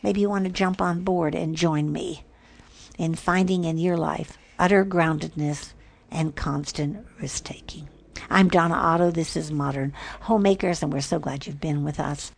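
A woman's voice: sits low, fairly even intonation, normal speed, creaky. A woman hosting a devotional talk show, speaking earnestly and dropping at times to near whispers. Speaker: podcast host.

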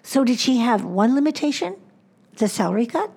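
Woman preaching with hushed emphasis. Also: fairly high pitch, very animated, creaky, husky. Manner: slows down for emphasis, drops to a hushed voice on key points. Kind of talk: sermon.

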